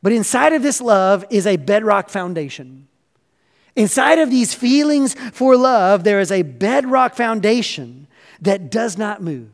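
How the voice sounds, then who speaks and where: A man with a high voice preaches a sermon, earnest and passionate, stacking repeated phrases as he builds. His words ring out with a long reverb through a large church hall. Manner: earnest and passionate, rising in emphasis, with frequent repeats. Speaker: pastor.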